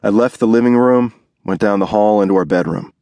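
A man reads a first-person hardboiled crime story, his voice low and his phrasing clipped and world-weary. The recording is dry and close, with no room sound. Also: a little fast, mellow, no echo. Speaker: audiobook narrator. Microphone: close studio mic.

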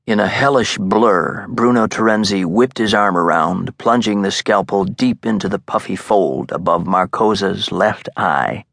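A man reading a thriller audiobook in a measured, suspenseful narration. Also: on the low side, vocal fry, a bit bright, dry recording. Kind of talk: scripted narration. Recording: dry, close studio sound.

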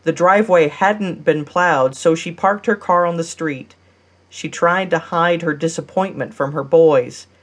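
A woman narrating a romance audiobook in a measured, steady reading style. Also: deep voice. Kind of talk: scripted narration.

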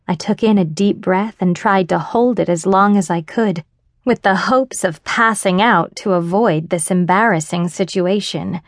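Casting: female romance narrator, first person, wry, slow and deliberate, dry close mic. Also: medium pitch, no echo. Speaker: audiobook narrator. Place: dry studio booth. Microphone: close studio mic.

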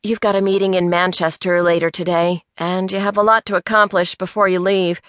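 A woman voicing a level-headed woman who answers politely and tries to calm things down. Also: fairly low pitch, brisk, no room sound, lightly acted. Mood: firm polite. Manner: polite and placating.

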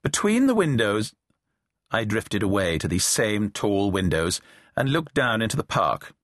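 A man's voice: on the low side, expressive, moderate pace, a bit bright, no echo. A middle-aged man reading a novel aloud, with dry, wry storytelling. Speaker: audiobook narrator. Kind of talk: reading a novel aloud, voicing characters lightly. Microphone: close studio mic, dry booth.

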